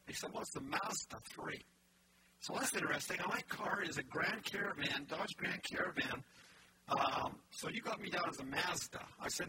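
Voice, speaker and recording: Male pastor, high-pitched, chatty sermon style full of asides; distant mic with noisy background. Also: a little fast. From Canada. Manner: storytelling with many restarts and asides.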